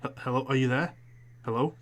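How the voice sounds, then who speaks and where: A man voicing a frightened man who speaks in a hushed, stammering voice on a phone call in a tabletop game. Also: mid-range voice, steady tone, brisk, a little hiss or hum, close to an everyday voice.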